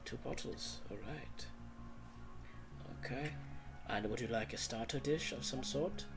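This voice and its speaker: A man's voice: mid-range voice, a little slow, vocal fry, music in the background. A man voicing a polite, formal German male restaurant waiter with a put-on German accent. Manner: formal, polite server talk.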